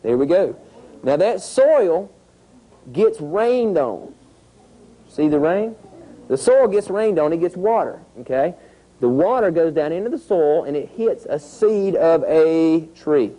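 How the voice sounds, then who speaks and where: Animated man teaching kids. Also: a little high, normal speed, poor audio. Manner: animated storytelling with sound effects. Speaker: environmental educator. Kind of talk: outdoor lesson to children. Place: outdoors at a nature center.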